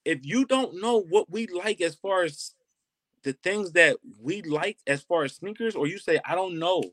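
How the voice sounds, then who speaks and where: A man with a bright, forceful voice pitched a little high, pressing his point in a lively podcast debate. The sound is close and dry, with no room around it. He talks earnestly and keeps going over the others. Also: normal speed, no echo. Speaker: podcast co-host. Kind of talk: casual debate chat.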